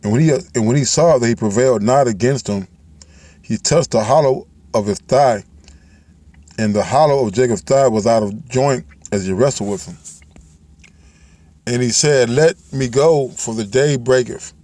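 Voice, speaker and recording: A man giving informal Bible teaching, talking loosely and reading scripture aloud in a slow, measured way. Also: medium pitch, dark tone, no echo. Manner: loose and conversational, ends phrases with "man" and "all right"; reads scripture aloud in slowed, measured cadence.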